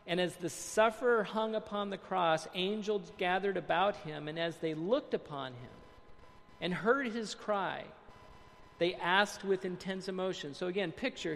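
A man preaching a sermon, reading quotes aloud, then explaining them with dramatic pauses and hushed emphasis. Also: sits high, gravelly, long reverb tail.

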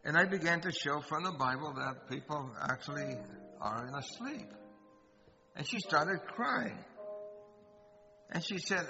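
A man's voice: on the high side, expressive, a little slow, creaky, pauses often, pushed and bright. A man who is a pastor, telling a personal story in a sermon and asking his listeners questions. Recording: long hall reverb, dull sound, guitar music behind. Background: guitar music.

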